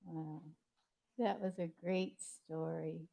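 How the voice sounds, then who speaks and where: A woman hosting a spiritual gathering, speaking gently. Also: low-pitched, fairly even intonation, takes it slowly, gravelly. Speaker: service host. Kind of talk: casual hosting.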